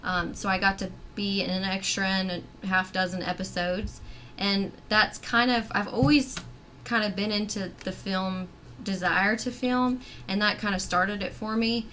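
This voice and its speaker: Chatty woman with a bright voice. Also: mid-range voice, steady tone, measured pace, a little hiss or hum. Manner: chatty, rambling with many hedging fillers. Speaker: actress and filmmaker guest. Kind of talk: casual chat.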